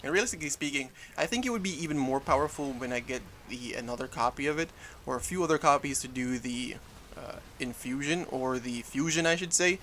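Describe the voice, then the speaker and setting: A brisk, fairly bright medium-pitched voice belongs to a young man making gaming videos. Talking casually over the footage, he rambles and corrects himself often, with a little hiss or hum in the audio.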